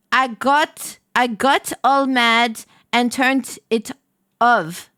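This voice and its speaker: A woman streamer reading fan fiction aloud in a deadpan comedic voice that keeps breaking into laughter. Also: fairly high pitch, clean tone, no room sound, clean studio sound. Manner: reads deadpan, then breaks into shrieking laughter.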